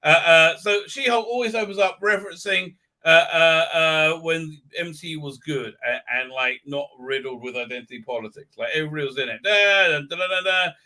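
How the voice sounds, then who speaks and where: A man hosting a live stream rants in a sarcastic, crude way and keeps stalling with filler sounds. His voice sits a little high and sounds very bright and tense. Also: a little fast, hardly any pauses. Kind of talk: ranting pop-culture commentary.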